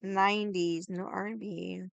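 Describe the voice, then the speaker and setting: Hoarse, rambling young woman streamer. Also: mid-range voice, steady tone, unhurried, no echo, muffled recording. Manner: rambling, heavy use of "like". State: hoarse from yelling. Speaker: livestreamer. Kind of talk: casual chat.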